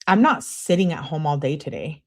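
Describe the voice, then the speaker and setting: A woman's voice: sits low, lively intonation, normal speed. A woman reading aloud the text messages of a young woman who pleads with and demands things of her boyfriend, in a raised, insistent tone.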